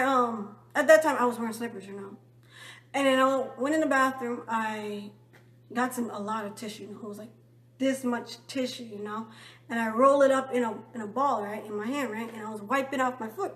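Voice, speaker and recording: High-voiced woman telling a rambling story. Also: a bit bright. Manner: rambling, full of tag questions to viewers. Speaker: vlogger. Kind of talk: casual personal storytelling.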